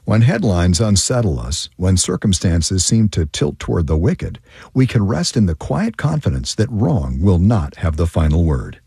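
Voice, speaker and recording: A man announcing a radio program in calm, measured scripted narration. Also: low voice, creaky, husky, no room sound, clean studio sound.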